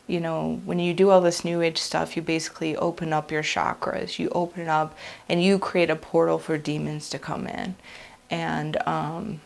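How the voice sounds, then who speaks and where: A woman's voice: low voice, creaky. A woman giving an earnest, unscripted personal testimony, speaking in a heartfelt, confessional way. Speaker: vlogger sharing a religious testimony.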